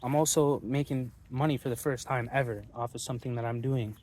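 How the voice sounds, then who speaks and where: A man holds forth to his viewers in a loose, unscripted monologue. He is blunt and combative, and he swears often. His voice sits at an ordinary pitch for a man. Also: fairly even intonation, brisk, a little mellow. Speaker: channel host.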